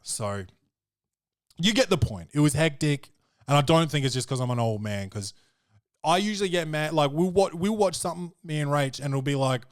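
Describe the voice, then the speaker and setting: A man hosting a podcast, talking in a rambling, profane, animated way. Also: on the high side, normal speed, dry recording, clean studio sound. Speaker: podcast host. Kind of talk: casual chat.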